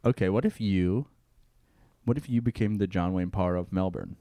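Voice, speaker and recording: A man's voice: deep voice, moderate pace, warm tone, no echo, studio quality. A young man co-hosting a casual podcast chat, joking and swearing freely. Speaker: podcast co-host.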